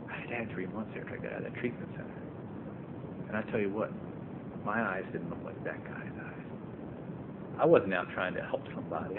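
A man sharing his personal recovery story at a meeting, earnest and building to emphatic passages. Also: lowish voice. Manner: earnest, rising to emphatic and impassioned. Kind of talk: personal testimony talk. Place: meeting room. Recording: tinny phone-like recording, faint noise.

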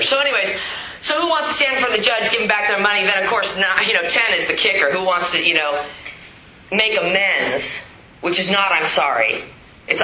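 A woman's voice: lowish voice, pushed and bright. Frank, wisecracking woman telling her story. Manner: frank, profane, self-mocking humor. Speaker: recovery meeting speaker. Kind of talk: candid storytelling talk. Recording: roomy hall, dull lo-fi sound, noisy.

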